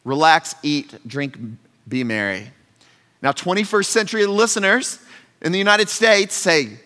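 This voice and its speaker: Bright-voiced pastor in a reverberant hall. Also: male voice, high-pitched, lively intonation, a little slow. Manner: conversational, earnest, shifts between loud emphasis and soft asides. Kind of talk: sermon.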